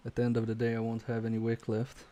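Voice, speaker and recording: A man streams live while repairing electronics, muttering in a quietly focused way as he works. His medium-pitched voice is fast and completely flat, and he thinks aloud hesitantly, questioning himself, using many fillers and letting sentences trail off.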